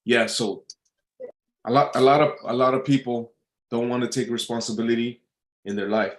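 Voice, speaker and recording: A man's voice: mid-range voice, steady tone, normal speed. A man lecturing in a loose, unscripted way, swearing freely and circling back over his own words. His voice sits in the middle range. The room gives it a noticeable echo. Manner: blunt, swears often, repeats and restarts. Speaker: vlogger giving life advice. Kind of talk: casual motivational talk.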